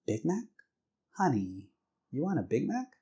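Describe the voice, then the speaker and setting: A man voicing a young wife who talks in a high, cooing, sing-song way that turns shrill when she is upset. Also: wildly swooping pitch, a little slow, dark tone, breathy edge, heavily acted. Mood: sweetly teasing. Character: young wife, sweetly teasing, then furious.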